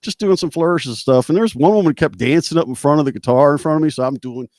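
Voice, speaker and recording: A man who is a guest guitarist, telling casual stories in an animated way, laughing often, over a video call. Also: fairly high pitch, quick pace, music in the background. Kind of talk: casual storytelling chat.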